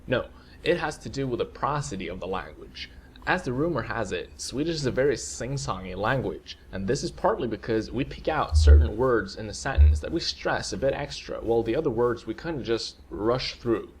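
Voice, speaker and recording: A man calmly explaining a language lesson, played from a video. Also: medium pitch, normal speed, slight background noise. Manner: calm, explanatory. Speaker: language teacher.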